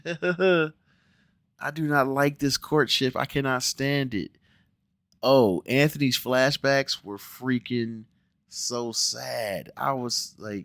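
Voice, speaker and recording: A man's voice: mid-range voice, slow, creaky, a bit bright, no echo, studio quality. A man from the Cincinnati area with an American accent, ranting bluntly and with plenty of profanity in a casual show review, putting on mock voices. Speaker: TV review vlogger.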